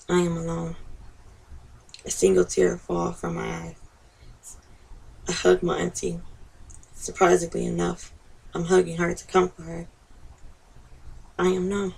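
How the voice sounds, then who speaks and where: A woman reads her personal essay aloud in a slow, measured way. Her voice is deeply gravelly and husky, and her pitch stays flat and level. She sits back from the microphone, so she sounds distant. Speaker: author reading her own essay.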